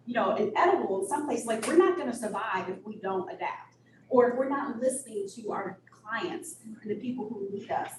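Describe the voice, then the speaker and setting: Blunt, animated woman in an echoey room. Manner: blunt and animated, with sudden high-pitched bursts. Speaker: nonprofit executive director. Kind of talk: candid interview storytelling. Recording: echoey room, distant mic, audible noise.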